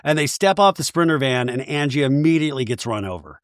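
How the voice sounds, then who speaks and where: A man's voice: mid-range voice, expressive, fast talker, no echo, studio quality. A man hosting a comedic podcast, recapping a reality show in a wry, casual storytelling way with some swearing. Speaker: podcast host.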